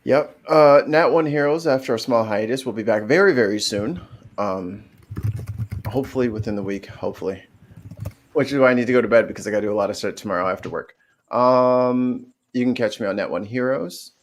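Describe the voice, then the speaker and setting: A man who produces the show, talking quickly and jokingly in a casual livestream chat over a video call. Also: mid-range voice.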